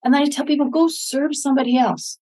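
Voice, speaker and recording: A woman's voice: sits high, fairly even intonation, fast talker, mellow, low-quality recording. An older American woman, a public speaker, talking earnestly and encouragingly in an interview, acting out her own inner dialogues. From United States. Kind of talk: interview talk.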